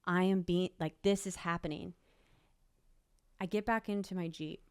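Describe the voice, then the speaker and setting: A woman's voice: fairly low pitch, steady tone, normal speed, smooth, dry recording. A young woman, an interview guest, emphatically retelling a personal story and quoting what people said. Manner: emotional, emphatic retelling with quoted dialogue.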